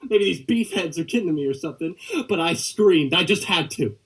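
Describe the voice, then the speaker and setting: A young man student actor voicing a lonely letter-writer who begs for a reply, in a slow, aching dramatic monologue. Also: on the high side, animated, a bit bright, slightly rough, recorded from a distance, exaggerated voice. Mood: longing. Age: young adult. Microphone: video call.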